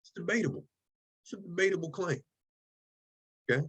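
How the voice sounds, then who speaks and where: A man's voice: high voice, fairly quick, breathy edge. Guy teaching a writing class, casual lecture, keeps saying okay and right. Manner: repetitive, checks in with "okay?" and "right?". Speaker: writing instructor.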